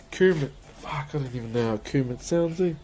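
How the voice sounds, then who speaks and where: A man's voice: medium pitch, moderate pace, darkish tone, soft background music. A man chatting casually on a live stream while woodcarving, laughing often and greeting viewers. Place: carving workshop.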